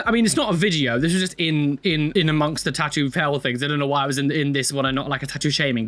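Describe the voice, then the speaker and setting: A man's voice: on the high side, big pitch swings, fast, hardly any pauses, fairly bright tone. A man, a tattoo artist, giving exasperated, rambling reaction commentary full of fillers.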